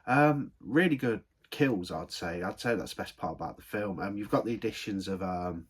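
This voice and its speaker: A man's voice: on the low side, moderate pace, slightly rough. A young man giving a rambling film review, full of ums. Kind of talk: casual unboxing review.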